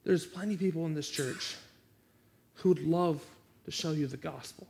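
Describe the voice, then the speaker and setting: A man's voice: on the high side, normal speed, creaky, darkish tone, a little hiss or hum. A man pastor preaching a sermon and making an earnest, pleading altar call.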